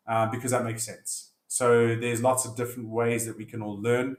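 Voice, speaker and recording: A man's voice: mid-range voice, steady tone, fairly quick. Chatty man hosting a podcast, echoey room. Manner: chatty, self-correcting, storytelling. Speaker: podcast host. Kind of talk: casual solo podcast talk.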